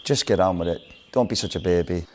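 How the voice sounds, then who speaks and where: A man putting on a gruff, low Irish ex-footballer. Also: quick pace, a little hiss or hum, close to an everyday voice. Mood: dismissive. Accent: Irish (put on). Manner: curt, dismissive, teasing. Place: outdoors at a back-garden camp.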